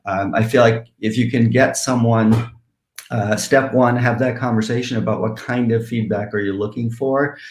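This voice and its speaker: A man's voice: mid-range voice, steady tone, normal speed, roomy sound, slight background noise. A man, a writer, speaking thoughtfully with some hesitation on a conference panel. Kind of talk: casual panel conversation.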